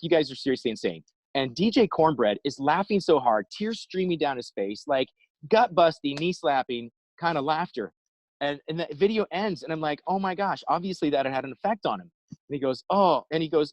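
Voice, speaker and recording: Animated man telling a story, dry sound. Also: fairly high pitch, no echo, poor audio. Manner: animated storyteller, acts out quotes. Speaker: inspirational speaker. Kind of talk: storytelling talk on a live video call.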